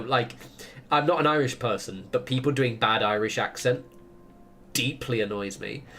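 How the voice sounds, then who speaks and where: A man's voice: mid-range voice, fairly bright tone. A man chatting casually while streaming a game, rambling through opinionated tangents and laughing often. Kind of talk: casual chat while gaming.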